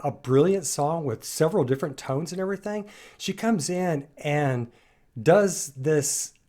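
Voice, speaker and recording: A man reacting to a song, gushing with praise and restarting his sentences as he thinks aloud. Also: a little high. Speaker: reaction video host. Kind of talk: enthusiastic music commentary.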